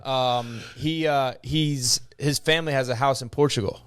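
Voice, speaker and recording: Young male co-host, smooth voice, relaxed filler-heavy storyteller. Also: mid-range voice, moderate pace. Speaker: podcast co-host. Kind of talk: casual comedic chat.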